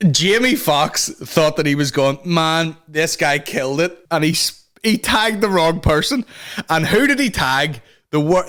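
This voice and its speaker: A man hosting a solo comedy podcast, swearing freely and breaking into mimicked voices. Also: a little high. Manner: profane, excitable, mimics voices mid-story. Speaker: podcast host.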